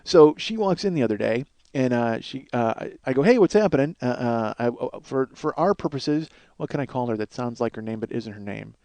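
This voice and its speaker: A man's voice: medium pitch, lively intonation, brisk, few pauses, warm tone, no echo. A middle-aged man hosting a solo podcast, telling rambling, crude, self-mocking stories. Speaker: podcast host.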